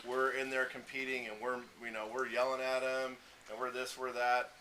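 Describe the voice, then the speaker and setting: A man gives a junior varsity coach's banquet speech, spinning anecdotes and slipping into quoted lines from the kids. His voice sits at a middling pitch, and steady noise runs behind it. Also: normal speed. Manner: storytelling, acts out players and himself. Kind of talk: banquet speech telling stories. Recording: noisy room recording.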